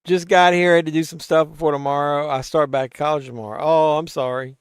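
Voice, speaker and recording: A man's voice: on the high side, steady tone, a little fast, smooth, dry recording, studio quality. Tipsy, profane man hosting a live chat stream. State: tipsy from drinking. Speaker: host of a live watch-along stream. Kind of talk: casual live-stream chat, reading chat aloud.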